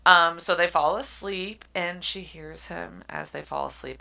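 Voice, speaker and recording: Woman, low voice, bright tone, animated book chat, acts out lines. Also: measured pace, gravelly. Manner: animated, acts out characters' lines and laughs often. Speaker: podcast co-host.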